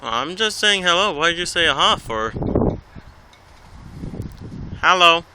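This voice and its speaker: A man's voice: a little high, very animated, moderate pace, sharp tone, a little hiss or hum. A man filming at an outdoor zoo, chatting playfully and coaxingly with parrots. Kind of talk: casual chat with birds. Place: outdoor zoo by bird enclosure. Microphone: handheld camera.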